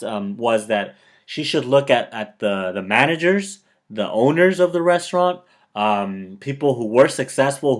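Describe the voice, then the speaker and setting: A man talking casually to the camera, giving motivational advice and telling personal stories, often checking in with his viewers. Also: mid-range voice. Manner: conversational, keeps checking in with "okay?"; chatty storyteller who quotes himself and others. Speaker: motivational video host.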